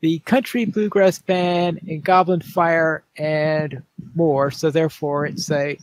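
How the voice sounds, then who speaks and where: A man hosting a game podcast, chatting casually with a laugh, and reading poems slowly. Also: on the high side, level tone, no room sound, poor audio. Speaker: podcast host. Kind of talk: casual chat and poem reading.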